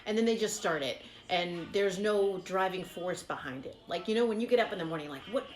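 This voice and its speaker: A woman's voice: on the low side, brisk, reverberant. A woman giving casual, encouraging fitness advice as a vlogger, chatty and full of fillers.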